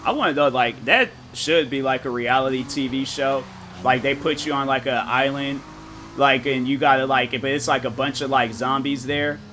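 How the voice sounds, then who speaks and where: A young man streaming games, chatting casually with his viewers and telling animated, slang-filled stories. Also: medium pitch, normal speed, slight background noise. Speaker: gaming streamer.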